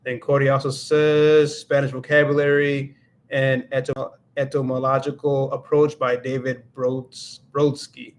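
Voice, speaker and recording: A man hosting a livestream, chatting casually as he reads viewer comments aloud. His voice sits at an ordinary middle pitch and stays fairly flat in its rise and fall. He laughs now and then and restarts his sentences. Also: a little slow. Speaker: livestream host. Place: home livestream setup.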